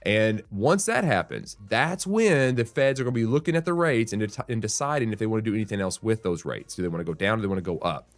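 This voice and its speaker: Low-voiced man giving market commentary. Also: animated, quick pace, few pauses, no room sound, faint music behind. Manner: thinking aloud with restarts, frequent "right?" asides. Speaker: real estate show host. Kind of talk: market commentary reading and explaining news.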